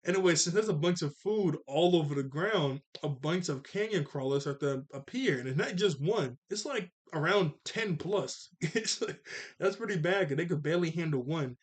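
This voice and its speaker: A man's voice: on the high side, expressive, moderate pace. A young man casually recapping a cartoon episode, rambling with lots of "like", restarts and chuckles at his own jokes.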